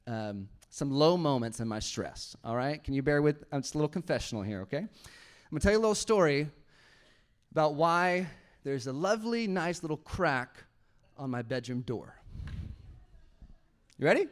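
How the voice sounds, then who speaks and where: A man's voice: fairly high pitch, animated, moderate pace, pauses often, clear, resonant tone. A man in his thirties preaching a sermon to his church on a handheld mic, talking conversationally and joking with the congregation. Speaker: pastor. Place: church auditorium. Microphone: handheld microphone.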